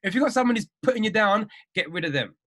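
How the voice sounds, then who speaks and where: A man's voice: high voice, expressive, fast talker, fairly bright tone. A man giving an emphatic, repetitive motivational live-stream talk as a trading mindset coach. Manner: emphatic, repeats phrases, preachy.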